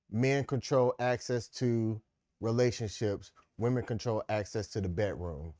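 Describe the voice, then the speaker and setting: A man co-hosting a podcast who explains his points in a measured way and now and then breaks into playful exclamations. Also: on the low side, a little mellow, no room sound, studio quality. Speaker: podcast co-host. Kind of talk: casual opinion chat.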